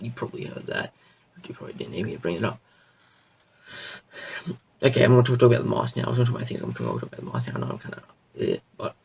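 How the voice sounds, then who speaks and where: A man's voice: medium pitch, creaky, darkish tone, slightly rough, recorded from a distance, lo-fi sound. A man reviewing a show in a casual, rambling way, full of fillers and restarts. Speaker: video reviewer.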